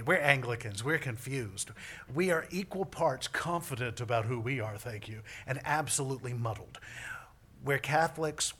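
A man's voice: mid-range voice, a bit bright, slightly rough. A man preaching a sermon as a priest, joking with the congregation between points. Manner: joking, self-deprecating asides to the congregation.

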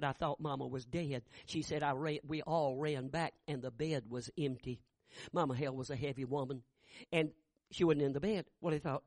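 A man in his sixties preaching a sermon, telling a family story in a folksy, halting way that builds into fervent preaching. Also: medium pitch, darkish tone, no room sound.

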